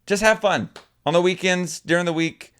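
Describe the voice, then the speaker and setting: Young male podcast co-host, earnest, reflective, smooth-toned, casual chat. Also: sits high, normal speed, fairly bright tone. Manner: earnest, reflective, rambling with fillers.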